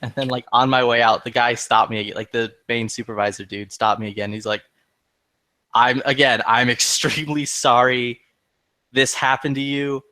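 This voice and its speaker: Profanity-laced storytelling from a man, fired up and acting out what everyone said. His voice sits at an ordinary middle pitch and is recorded very dry and close, with no room sound. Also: moderate pace, dry recording. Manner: profane, heated, animated retelling with quoted dialogue. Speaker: podcast regular. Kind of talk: casual chat, storytelling.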